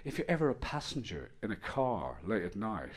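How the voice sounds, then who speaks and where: A middle-aged man doing a stand-up set on stage, telling stories deadpan with bursts of loud exasperation. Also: lowish voice, moderate pace, breathy edge. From Ireland. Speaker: stand-up comedian. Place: comedy stage with audience.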